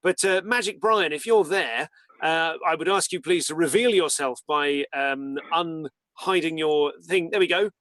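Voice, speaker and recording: A man's voice: a little high, measured pace, a bit bright. A man hosting a live-streamed comedy show, wry and rambling, with asides and the odd swear word. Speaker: host.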